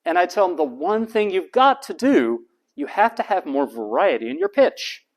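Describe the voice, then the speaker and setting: Lecturing deliberately, this US college instructor slowly repeats the key terms. To demonstrate voice types, he shifts into a flat, low monotone for his examples.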